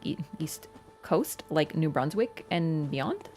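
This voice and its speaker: A woman's voice: sits low, sing-song, takes it slowly, darkish tone, soft background music. A young Canadian woman chatting casually while livestreaming a game, rambling with lots of "like". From Ontario, Canada. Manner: chatty, rambling, full of "like" fillers. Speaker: streamer.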